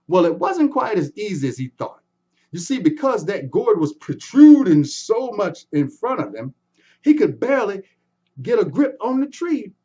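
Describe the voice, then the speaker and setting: A man telling a folktale in an animated way, adding sound effects and inviting the audience to join in. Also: sits high, a little slow, husky, highs cut off. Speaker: storyteller. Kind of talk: folktale storytelling performance.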